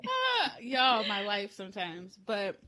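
A young woman co-hosting a podcast, telling a crude story with loud laughter and lively, animated storytelling. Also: medium pitch, takes it slowly. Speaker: podcast co-host. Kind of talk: casual chat.

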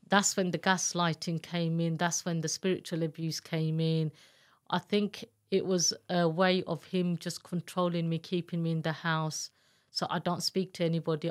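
A woman speaks as an interview guest, recounting her own experience in a candid, earnest way. Her voice sits on the lower side, and she often pauses, restarts and searches for words. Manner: candid, earnest, halting retelling. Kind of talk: emotional personal testimony in an interview.

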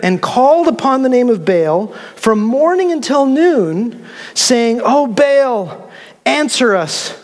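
Male pastor, high voice, lively casual sermon with humor, recorded in a reverberant hall. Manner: animated and conversational, with humor.

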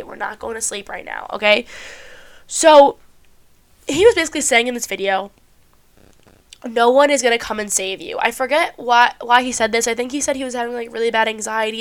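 Chatty young woman, smooth stuffy voice. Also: fairly high pitch, a bit bright. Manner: chatty, swears often, heavy use of "like". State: stuffy-sounding. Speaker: podcast host. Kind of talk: casual self-help chat.

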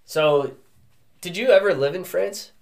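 A man's voice: high voice, measured pace, vocal fry. A man hosting a podcast, asking questions casually and offering short encouraging replies. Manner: brief encouraging interjections. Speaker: podcast host. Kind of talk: casual interview chat.

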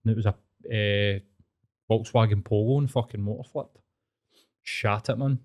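A man's voice: lowish voice, fairly even intonation, moderate pace, darkish tone. A young man with a Glasgow accent, co-hosting a podcast in casual, sweary, rambling chat. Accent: Scottish, Glasgow. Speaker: podcast co-host.

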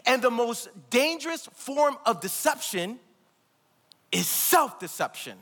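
A man with a very high, bright voice preaching in a large church hall, where long reverb trails each phrase. He drives his points hard, jokes between them, and has the congregation repeat key words after him. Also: sing-song, slow, husky. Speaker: pastor. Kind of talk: sermon.

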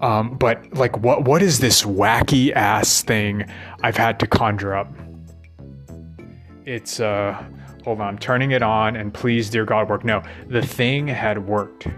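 A man's voice: on the low side, steady tone, slow pace, fairly bright tone, soft background music. A man venting in a rambling monologue, swearing often and tagging his thoughts with questions to the listener. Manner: profane, ranting, keeps asking "right?".

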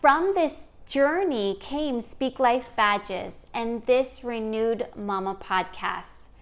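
Slow, earnest woman podcast host. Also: a little high. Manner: earnest, encouraging, addresses listener directly. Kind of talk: scripted podcast monologue.

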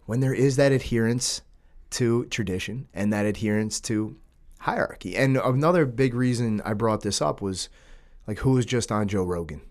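Male podcast host and gym owner, low voice, casual and animated delivery. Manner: animated, frequent 'dude' and 'like'. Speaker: jiu-jitsu school owner and podcast host.

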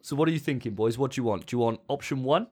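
A man's voice: mid-range voice, rapid-fire, husky. Chatty British man hosting a podcast. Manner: chatty, self-mocking, sweary. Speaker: podcast host. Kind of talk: casual podcast chat.

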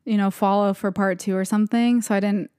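Telling spooky stories on her podcast, the young female co-host rambles and leans heavily on "like." Her mid-range voice is fairly quick and fairly even, a little mellow and clean, in a clean studio recording with no room sound.

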